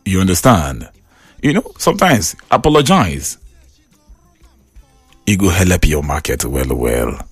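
A man's voice: low-pitched, unhurried, pauses often, soft background music. A man with a Nigerian accent hosting a chatty radio call-in show, telling stories with frequent laughter and mixing Pidgin with English. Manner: animated storyteller, laughs often, mixes Pidgin and English.

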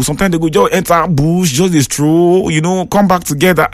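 A man with a Nigerian accent, hosting a call-in radio show, talking in a lively, preachy way as he reads listener messages. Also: on the high side, quick pace, hardly any pauses, dry recording, faint music behind. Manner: lively, preachy, mixes Pidgin and English.

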